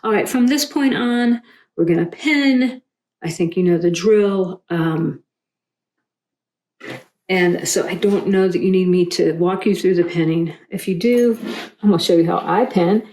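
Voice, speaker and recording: A middle-aged woman talks through a quilting tutorial as she sews. Her voice sits low and mellow, and she wanders into rambling, self-deprecating asides. The room around her is echoey. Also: a little slow. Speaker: quilting instructor. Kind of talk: casual tutorial chat while sewing.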